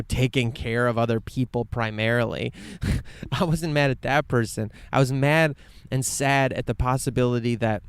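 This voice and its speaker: A man hosting a podcast, rambling earnestly to himself in a quiet outdoor meadow, with lots of "like" and frequent swearing. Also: mid-range voice, clear, resonant tone, dry recording. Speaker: podcast host. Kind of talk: casual reflective monologue.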